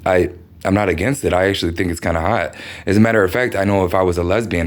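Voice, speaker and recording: A man's voice: low-pitched, fairly even intonation, quick pace. A man from the United States talking through a meandering personal monologue, swearing often and leaning on fillers. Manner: meandering, profane, many fillers.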